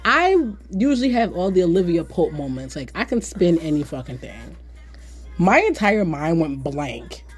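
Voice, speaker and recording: A woman's voice: lowish voice, sing-song, moderate pace, husky, faint music behind. Candid, profane woman storyteller. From Philadelphia. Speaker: podcast host. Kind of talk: casual storytelling chat.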